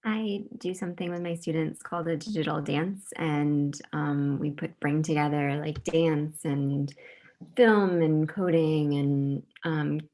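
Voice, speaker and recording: A woman's voice: deep voice, steady tone, measured pace, dark tone. A woman teacher talking casually in a discussion, with a loose, filler-laden manner. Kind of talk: casual discussion on a video call.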